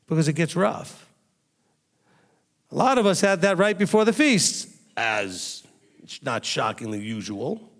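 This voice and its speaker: A man's voice: a little high, big pitch swings, takes it slowly, pauses often. A man preaching a sermon as a rabbi, emphatic and firing rhetorical questions at his listeners. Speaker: rabbi teaching a congregation.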